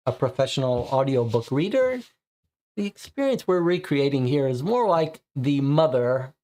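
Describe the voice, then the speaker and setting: A man streams a mystery game, casually commenting, thinking aloud, and reading its text to viewers. His voice is mid-range with a darkish tone.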